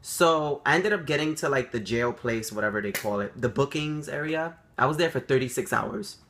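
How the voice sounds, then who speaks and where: A young man telling a story to the camera, animated and swearing freely, acting out quotes. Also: moderate pace, a little hiss or hum. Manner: animated, swears freely, acts out quotes with big jumps up in pitch. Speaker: vlogger.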